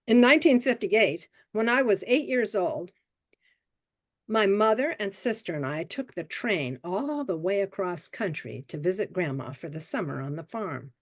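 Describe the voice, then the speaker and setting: A woman in her seventies telling a personal childhood story at a story swap event, vivid and expressive. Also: medium pitch, moderate pace. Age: 70s.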